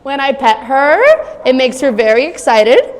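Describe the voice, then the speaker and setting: Woman dog trainer explaining calmly. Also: measured pace. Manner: calm explaining, bursts into high-pitched puppy talk. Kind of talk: instructional demonstration. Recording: long reverb with faint ambient noise.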